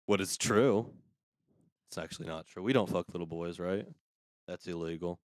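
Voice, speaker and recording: A man's voice: low voice, moderate pace, a little mellow, no echo. Crude, ranting man on a podcast. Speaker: podcast host. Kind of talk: casual comedic rant.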